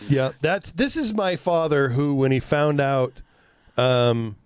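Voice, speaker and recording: A man co-hosting a podcast in relaxed conversation, mid-pitched, with a frank, profane storytelling habit. His voice sits close and dry, with no room around it. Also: takes it slowly, clean tone, dry recording. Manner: candid, swearing storyteller. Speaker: podcast co-host. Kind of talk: casual chat.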